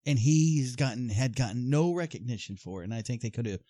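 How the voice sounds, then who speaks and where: A man in casual conversation over a film, sharing behind-the-scenes trivia with a dry, joking edge. His pitch sits in the middle range. The recording is dry and close. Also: expressive, a little fast, dark tone, dry recording. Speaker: podcast co-host. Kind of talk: casual movie watch-along chat.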